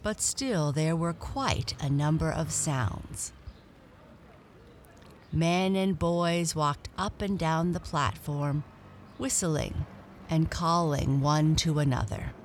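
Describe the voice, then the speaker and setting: A woman reading a children's storybook aloud in a gentle, expressive way. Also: sits low, takes it slowly, a little hiss or hum.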